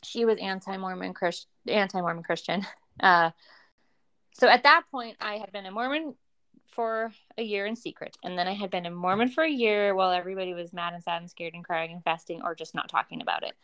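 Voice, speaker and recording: Animated woman telling a personal story. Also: medium pitch, a little fast, smooth. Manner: animated, acts out quoted voices, laughs often. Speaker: guest. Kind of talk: casual storytelling.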